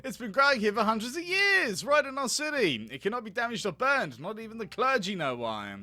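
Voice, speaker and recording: A man's voice: very high-pitched, big pitch swings, sharp tone, heavily acted. A man reading a stern, formal noble father. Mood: proud. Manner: measured, formal.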